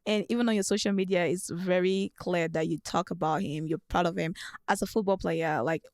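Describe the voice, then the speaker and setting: A woman's voice: fairly low pitch, fairly even intonation, fairly quick, no room sound, studio quality. A woman hosting a faith podcast, asking questions and affirming her guest in an encouraging, attentive way. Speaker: podcast host. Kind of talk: interview questions.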